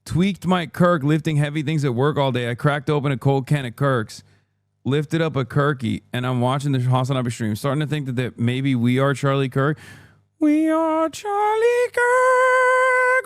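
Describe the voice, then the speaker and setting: A man's voice: medium pitch, steady tone, fairly quick, dry recording, studio quality. A man in his thirties, a streamer reading a news article aloud and joking around in casual livestream commentary.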